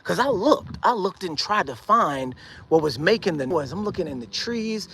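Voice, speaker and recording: Animated man telling a story over road noise. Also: moderate pace, low-quality recording. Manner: animated, imitates bird calls in a high hoot. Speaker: podcast host. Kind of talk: casual storytelling.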